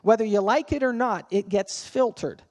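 A man's voice: high-pitched, moderate pace, darkish tone, big-room sound. A man preaching a sermon as pastor, talking conversationally and asking the congregation questions. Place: church sanctuary.

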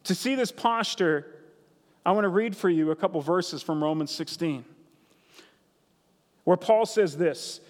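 A man with a high voice preaches a sermon to his congregation, earnest and conversational. He repeats his key lines for emphasis, and his voice rings out with a long reverb from a large hall. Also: moderate pace, long pauses. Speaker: pastor.

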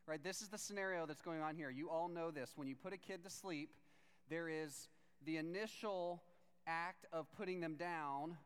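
Animated pastor preaching in a reverberant hall. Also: male voice, on the high side, moderate pace, smooth. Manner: animated, acts out voices while reading scripture. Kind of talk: sermon. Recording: long reverb of a large hall.

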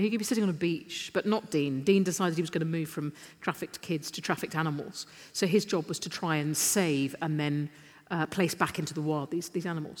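A middle-aged woman, telling lively, self-deprecating anecdotes as a guest on a festival stage. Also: lowish voice. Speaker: interview guest. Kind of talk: live on-stage storytelling. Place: stage in a large literature festival hall. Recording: live hall with long reverb.

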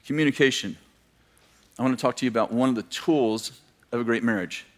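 A man's voice: medium pitch, brisk. A male pastor giving a sermon, telling stories, acting out the voices of the people in them and joking with his listeners. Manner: storytelling, acts out quoted voices, joking asides.

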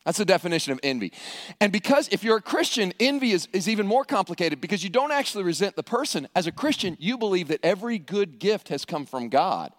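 A middle-aged male pastor preaching a sermon, animated, acting out quoted voices and often repeating words as he goes. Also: sits high, fast talker, dry recording, studio quality.

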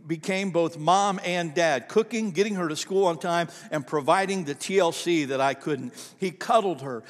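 A man preaching a sermon as pastor, fervent, often repeating words and swinging from loud to hushed. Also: fairly high pitch, in a large hall.

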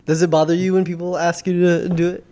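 A man's voice: sits high, flat delivery, fairly quick, dark tone. A young man co-hosting a podcast, bantering and teasing his co-host in casual chat.

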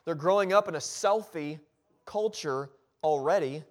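A man's voice: on the high side, a little slow. A male pastor preaching a sermon in a church, driving points home with short, repeated exhortations. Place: church sanctuary.

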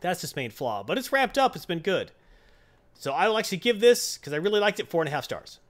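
A man chats his way through a comic book review, with a lively voice that rises and falls a lot. He rambles, doubles back and acts out characters when he tells a joke. His voice sits a little high for a man. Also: fast talker. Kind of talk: casual review chat.

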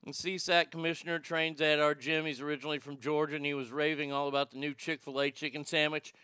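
A man's voice: on the high side, level tone, fast, bright, forceful tone, smooth, dry recording, studio quality. A middle-aged man, rambling casually and profanely as he reads from a chat. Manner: profane, folksy, rambling with restarts. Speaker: livestream host reading chat.

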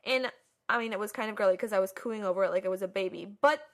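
A young woman chatting casually about films, animated and chatty, acting out her own past lines. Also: medium pitch, very fast. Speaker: co-host. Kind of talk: casual film chat.

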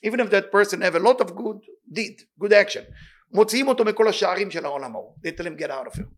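A man teaching Kabbalah in a weekly study class, talking at a quick clip in a voice set a little high. He races through Hebrew readings, then stops to translate and explain them, and his manner stays animated and eager throughout. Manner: animated, excitable delivery.

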